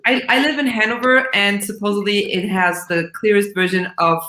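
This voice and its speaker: A woman's voice: medium pitch, fairly even intonation, normal speed, pushed and bright. A woman from Germany whose first language is German, a band guest chatting casually and sometimes searching for words. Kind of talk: casual video-call chat. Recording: echoey room.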